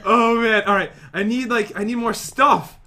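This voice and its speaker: Man, gamer host, bright tense voice, excitable, laughs a lot, teasing, casual play chat. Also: high voice, normal speed, a little hiss or hum. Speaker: gaming channel host.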